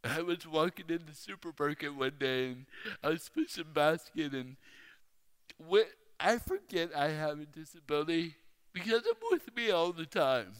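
Guy preaching slow n high, smooth clear voice, big echoey hall. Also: very animated. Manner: slow, emphatic storytelling preacher. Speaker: speaker. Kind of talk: sermon. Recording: reverberant hall.

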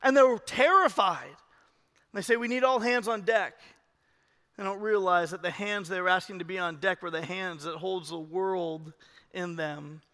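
A man preaching with a high, bright, sharp voice, swinging from loud urging to hushed emphasis. It is a lively church sermon, recorded with the long reverb of a large hall. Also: normal speed. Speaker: pastor.

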